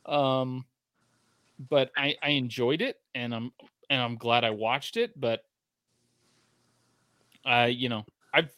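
A man's voice: mid-range voice, fairly even intonation, slow pace, pauses often, a bit bright, no echo. A man co-hosting a casual podcast from his garage, rambling and swearing casually as he trails off and restarts. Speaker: podcast co-host. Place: home garage.

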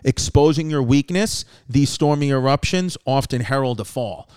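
A man's voice: mid-range voice, normal speed, a little mellow, smooth. A man hosting a comedy podcast, rambling casually with lots of fillers and swearing. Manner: rambling, profane, filler-heavy. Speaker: podcast host.

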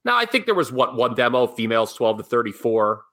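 A middle-aged man co-hosting a casual podcast, his pitch swooping widely as he makes his points. His voice has a bright, forward edge, and he drops in jokey asides between opinions. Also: very animated, a little fast. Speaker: podcast co-host. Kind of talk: casual wrestling talk.

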